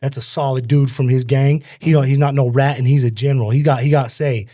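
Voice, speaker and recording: A man from Utah, a podcast guest telling stories in a casual, animated way, acting out quoted dialogue in street slang. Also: mid-range voice, fairly quick, dry recording, studio quality. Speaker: podcast guest, former gang member. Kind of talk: casual storytelling interview.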